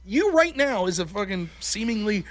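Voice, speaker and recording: A man hosting a call-in show, telling stories in a casual, profane, animated way and acting out the voices of people he quotes. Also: high-pitched, moderate pace.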